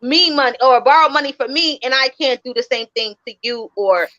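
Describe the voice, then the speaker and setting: High, bright-toned female podcast co-host, blunt and emphatic. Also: a little fast, lo-fi sound. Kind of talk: casual chat.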